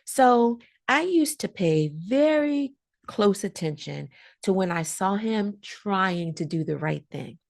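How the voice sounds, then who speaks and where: A woman, an educator telling colleagues a story about a student in an animated storytelling way and acting out the voices. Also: medium pitch, slow pace, gravelly. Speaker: educator and trainer. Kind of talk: storytelling talk to fellow educators.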